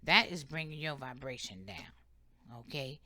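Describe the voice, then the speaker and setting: Woman tarot reader, low and bright, emphatic and preachy. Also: animated, moderate pace. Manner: emphatic, preachy, repeats "okay?" often. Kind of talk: casual spiritual advice monologue.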